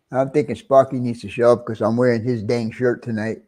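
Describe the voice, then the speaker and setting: A man's voice: medium pitch, steady tone, a little fast, warm tone. A middle-aged man with a New York accent, hosting a casual livestream and greeting viewers one by one with friendly chuckles. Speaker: livestream host.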